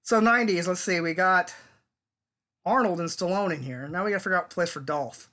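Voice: mid-range voice, brisk, fairly bright tone. A podcast co-host in their forties, chatting casually and laughing often. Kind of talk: casual chat.

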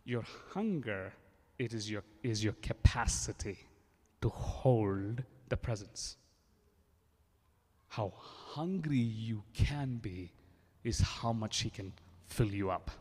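A man's voice: on the low side, slow, a little mellow. A man from India with an Indian accent, preaching a sermon in a fervent, repetitive way, often restarting his phrases. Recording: long reverb of a large hall.

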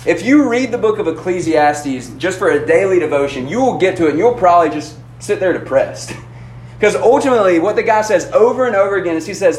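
Casual youth pastor in an echoey hall. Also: male voice, sits high, animated, a little mellow. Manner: casual and conversational, with frequent "like" and "man" and quick restarts. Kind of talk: lively youth sermon. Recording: roomy echo, faint room noise.

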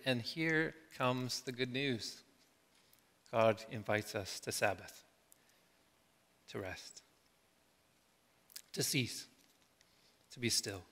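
A middle-aged man preaching a sermon as a pastor, reflective, slowing down and letting his phrases trail off softly. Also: medium pitch, steady tone. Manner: reflective, slow with soft trailing endings. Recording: long hall reverb.

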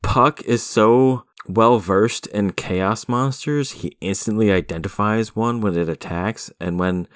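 A man's voice: fairly low pitch, a little slow, hardly any pauses, dry recording, studio quality. A man co-hosting a comic book podcast, chatting casually in a wry way and laughing often. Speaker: podcast co-host. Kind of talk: casual chat.

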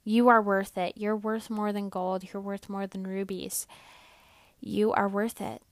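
A woman's voice: medium pitch, little pitch movement, unhurried, dry recording. A young woman hosting a podcast, giving an earnest, encouraging devotional talk and repeating her key phrases. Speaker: podcast host.

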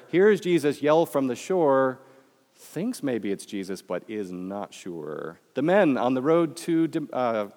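A man delivers a chapel sermon with a lively, rising and falling voice that swings from emphatic to hushed. His words ring out with the long reverb of a chapel hall. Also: mid-range voice. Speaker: preacher.

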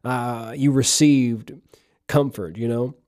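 Mellow-voiced man preaching a casual sermon. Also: medium pitch, steady tone, takes it slowly. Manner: rhetorical questions, chuckling asides. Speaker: podcast preacher. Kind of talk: conversational sermon.

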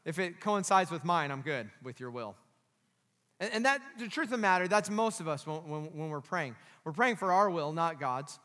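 Male pastor, high bright sermon delivery, emphatic, long hall reverb. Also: animated, moderate pace. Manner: emphatic preaching, with tag questions to the congregation.

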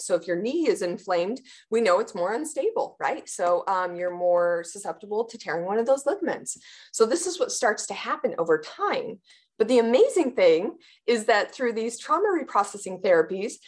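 Animated woman explaining trauma therapy. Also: medium pitch. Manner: animated, acts out panicked inner voices with gasps. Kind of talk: explanatory interview answer.

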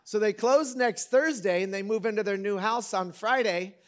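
A middle-aged man preaching a sermon in a conversational, joking way, with sudden loud bursts. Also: high-pitched, normal speed, few pauses. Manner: conversational and joking, with big dynamic swings. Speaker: pastor.

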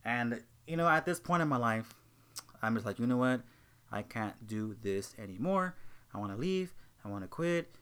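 A young man hosting a casual talk show, telling an animated story about a rude customer and acting out both sides of the argument. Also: medium pitch, moderate pace, clean tone. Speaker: host.

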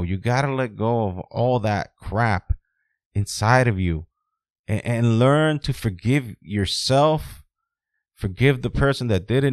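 A man hosting a solo podcast, ranting bluntly with heavy swearing, dropping low and quiet, then rising loud and high. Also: no echo. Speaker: podcast host.

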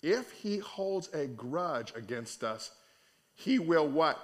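Lively high-voiced male preacher. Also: takes it slowly. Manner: animated, colloquial preaching. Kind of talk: conversational sermon.

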